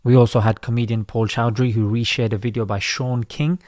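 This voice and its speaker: A man talks through a string of social media posts, chatty and ready with his own opinions. His voice sits at an ordinary pitch for a man. The sound is dry and close, with no room around it. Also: flat delivery, fairly quick, a little mellow, no echo. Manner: conversational, opinionated. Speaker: commentator.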